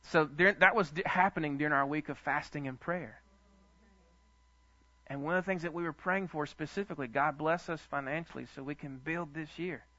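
Bright-voiced pastor preaching. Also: male voice, a little high, brisk, no room sound. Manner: animated, chuckling storyteller. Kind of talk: storytelling sermon. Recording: dull lo-fi dry sound.

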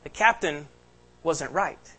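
A man's voice: on the high side, lively intonation, slow, fairly bright tone, rough recording. A pastor giving an earnest, emphatic sermon to his congregation in a church. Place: church sanctuary.

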